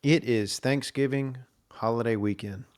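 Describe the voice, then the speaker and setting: A man with a clear, resonant, mid-range voice that's a little mellow speaks unhurriedly, hosting a casual solo podcast recorded on a camera at his desk. His storytelling rambles, full of fillers and restarts.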